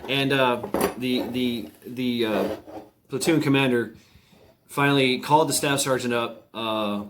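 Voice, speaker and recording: A man's voice: medium pitch, a little hiss or hum. A middle-aged man recounts his army days in a loose, conversational way. He stumbles over restarts and fillers and chuckles now and then, in an ordinary mid-range voice. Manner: halting, many restarts and fillers, chuckles often. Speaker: military veteran storyteller. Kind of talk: casual spoken anecdote.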